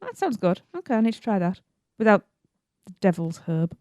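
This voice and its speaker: A woman's voice: mid-range voice, very animated, a little fast, darkish tone, no room sound, muffled recording. A woman co-hosting a podcast in casual chat, giggly and playful, tripping over words. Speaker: podcast co-host.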